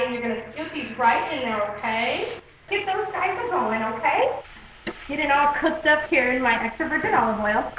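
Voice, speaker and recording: A young adult woman with a high, fairly bright voice hosts a casual cooking demonstration in her home kitchen, chatty and friendly, often saying "okay?" and "guys." The home video recording is echoey and dull, with a little hiss or hum.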